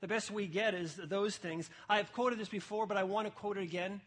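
Passionate husky-voiced male preacher. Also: high voice, fairly even intonation, fairly quick. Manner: passionate, emphatic preaching with sudden quiet stretches. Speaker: pastor. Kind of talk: sermon. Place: church service.

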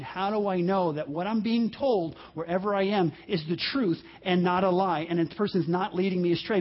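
Guy preaching a sermon, pretty high voice, earnest, repeats stuff, muffled lo-fi audio. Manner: earnest, repeats phrases, acts out quoted voices. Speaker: pastor. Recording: dull lo-fi audio.

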